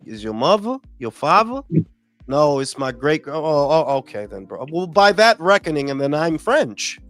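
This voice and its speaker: Faint music plays under a New York man who hosts a laid-back podcast and launches into a swearing, lively rant at normal speed. His pitch is high and jumps all over the place.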